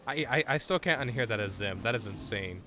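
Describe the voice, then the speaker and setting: A man streaming a game live, chatting excitably with viewers and stammering over his words. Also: on the low side, fairly quick, soft background music. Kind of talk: live gameplay stream chat.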